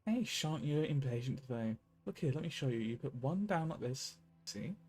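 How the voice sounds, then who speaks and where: A man's voice: medium pitch, lively intonation, moderate pace, a little mellow, natural voice. A man voicing a playful miner uncle. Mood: teasing. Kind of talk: reading game dialogue aloud.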